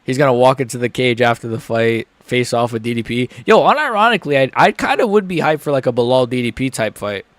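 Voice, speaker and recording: A nervous young man on a live stream reacting to a fight, rambling to chat, muttering low and then yelping high. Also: expressive, fast talker, hardly any pauses, dry recording.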